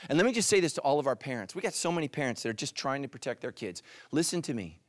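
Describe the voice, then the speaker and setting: A middle-aged male pastor preaching a sermon, animated, dropping into soft intense asides. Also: rapid-fire, dry recording, studio quality. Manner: animated, voices quoted characters with jumps in pitch.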